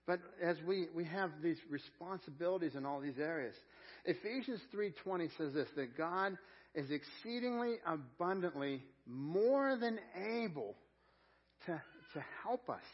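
A male pastor giving a sermon, building to loud emphatic peaks and repeating words as he speaks. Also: fairly high pitch, breathy edge, dull audio. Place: church sanctuary.

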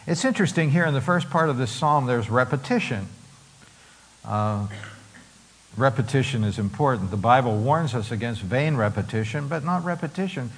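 Middle-aged male pastor, slow and deliberate sermon delivery, mid-pitched voice, leads hymn singing. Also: low-quality recording. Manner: unhurried preaching, breaks into slow hymn singing.

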